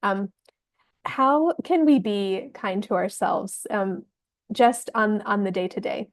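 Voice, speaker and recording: A woman podcast host asking an interview question in an unhurried, gentle way. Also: medium pitch, expressive.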